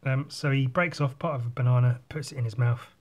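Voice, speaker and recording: A man's voice: mid-range voice, fairly even intonation, a little fast, a little mellow. A man in casual chat while drawing, rambling through a story and swearing often. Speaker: artist.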